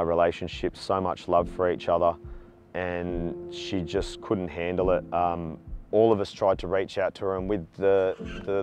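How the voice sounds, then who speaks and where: An Australian man in his forties, telling his own story in a candid, talkative interview. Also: low voice. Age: 40s. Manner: talkative, animated when retelling stories. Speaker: charity walker.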